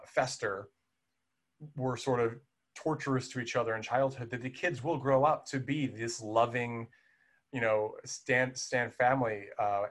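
A man's voice: mid-range voice, a bit bright. A man in a casual podcast conversation, chatting animatedly about a film with many fillers and restarts.

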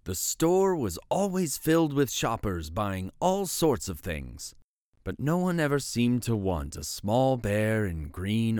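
A man's voice: medium pitch, a little mellow, dry recording, studio quality. A man hosting a show and reading a bedtime picture book aloud, telling the story with voices. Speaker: host and story reader.

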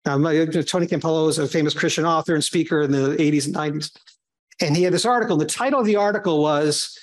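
A man teaching a small Bible study group in a conversational way, acting out the voices he quotes. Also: fast. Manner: conversational, acts out quoted voices with big pitch jumps.

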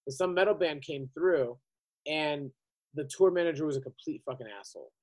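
High-voiced man telling a profane story. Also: fairly quick, rough recording. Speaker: podcast host. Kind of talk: casual chat.

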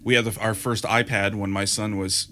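Man in his thirties, bright forceful voice, lively anecdotes, casual podcast chat. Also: lowish voice, moderate pace. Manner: animated storyteller, acts out quotes. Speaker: podcast co-host.

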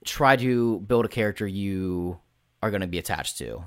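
Low-voiced man in rambling casual chat. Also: lively intonation, moderate pace, fairly bright tone, no room sound, studio quality. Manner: rambling, swears casually, acts out quotes in put-on voices. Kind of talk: casual chat about tabletop role-playing.

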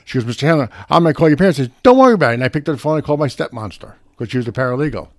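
A man's voice: medium pitch, very fast, no echo. A middle-aged man telling a profane, brash story in casual chat.

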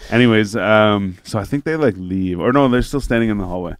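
Low-voiced guy rambling through a story, lots of likes and swearing, smooth dry sound. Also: brisk, dry recording. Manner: rambling, heavy on fillers and swearing; acts out other people's lines in his story. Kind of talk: casual podcast chat.

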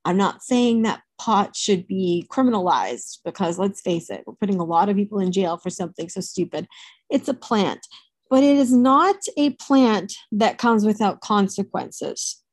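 A woman telling a personal story to camera in a candid, animated way, swearing freely. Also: medium pitch, normal speed, no echo.

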